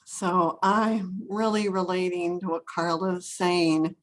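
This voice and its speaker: A woman's voice: fairly low pitch, little pitch movement, slow pace. An older woman sharing a family worry with her study group over a video call, earnest and rambling, upset and close to tears. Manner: earnest, rambling, full of fillers. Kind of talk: emotional personal sharing.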